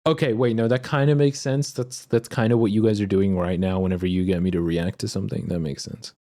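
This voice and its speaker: A young man livestreaming, chatting casually and excitably with viewers and reading chat aloud. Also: on the low side, brisk. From Australia.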